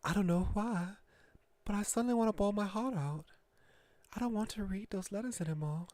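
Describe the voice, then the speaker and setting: A man's voice: high-pitched, a little fast, darkish tone, no echo, voice pushed up, close to an everyday voice. A man voicing a confused, anxious young girl in a visual novel. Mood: tearful. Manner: flustered, pleading.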